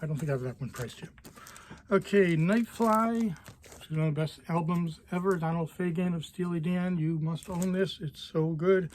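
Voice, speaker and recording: A record store owner walking through new arrivals in a casual, offhand way, quickly listing titles and prices. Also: male voice, on the high side, a little mellow, a little hiss or hum. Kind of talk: casual product walkthrough.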